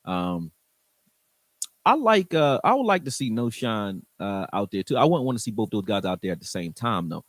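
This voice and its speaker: A man's voice: on the low side, big pitch swings, normal speed, dry recording. A man hosting a sports show who breaks down football plays in casual, frank and slangy talk, with some swearing, speaking straight to his viewers. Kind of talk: casual football film commentary.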